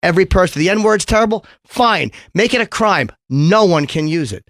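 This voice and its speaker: A middle-aged man hosting a radio talk show, ranting in an animated, profane way. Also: high-pitched, moderate pace, dry recording, clean studio sound.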